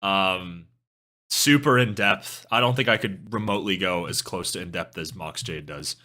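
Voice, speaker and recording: This young man's voice sits low, pushed and bright, at a normal pace. He's a western Canadian music streamer with a Canadian accent, rambling to his chat, losing his train of thought, and swearing casually.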